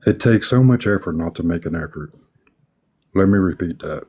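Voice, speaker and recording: A man with a very low, husky voice reads his spoken word poetry in a measured, deliberate way. His tone is dark and mellow, and he comes through a video call on a live stream. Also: lively intonation, muffled recording. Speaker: poet.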